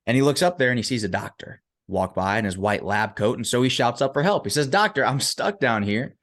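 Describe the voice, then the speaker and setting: A man's voice: mid-range voice, animated, fast. A man, a motivational speaker and coach, telling a story as a podcast guest, emphatic and often checking in with the listener.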